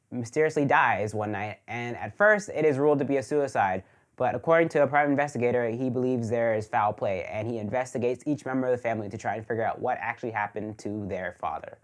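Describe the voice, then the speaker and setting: A man chats through a movie review in a loose, joking way, full of fillers. His voice sits at an ordinary middle pitch. He has just come back from being sick. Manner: chatty, jokey, lots of fillers like "like". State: recovering from illness. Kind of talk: casual video review.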